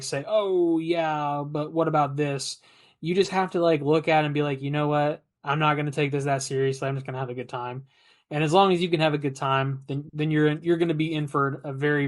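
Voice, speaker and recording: A man, his voice sitting a little high, talks loosely on a podcast. He rambles, circles back and restarts his sentences as he goes. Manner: rambling, many fillers and restarts. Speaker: podcast co-host. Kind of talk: casual podcast chat.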